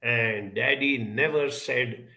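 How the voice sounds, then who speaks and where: A man speaking reflectively, telling a story from his childhood with pauses and fillers, lively when quoting others. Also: mid-range voice, vocal fry. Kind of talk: reflective talk.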